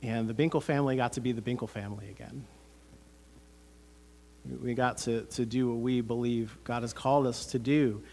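A man's voice: medium pitch, fairly even intonation, normal speed, a little mellow, slight background noise. A man, preaching a sermon as pastor, earnest and conversational with many fillers.

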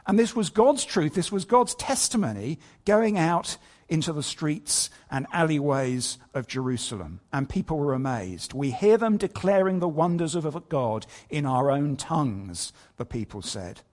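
A man's voice: a little high, sing-song, moderate pace, darkish tone. A man preaching a sermon, telling a scripture story, reading verses aloud and asking his listeners rhetorical questions. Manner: asks many rhetorical questions.

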